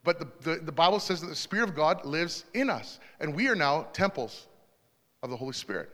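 A man's voice: fairly high pitch, expressive, fairly quick. Conversational male pastor in a reverberant church. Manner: conversational, warm storytelling with asides. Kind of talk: sermon. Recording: long hall reverb.

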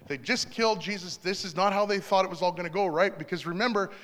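A man's voice: high-pitched, quick pace. A middle-aged man preaching a sermon in a church, talking in a conversational way with little asides. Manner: conversational, warm storytelling with asides. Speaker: pastor. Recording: long hall reverb.

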